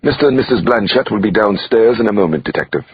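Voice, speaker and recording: A man's voice: on the low side, expressive, fast talker, breathy edge, no room sound, muffled recording, pitched above the performer's own voice. A man voicing a sleek, formal English butler with an English accent, in an audiobook. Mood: courteous. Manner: formal, courteous.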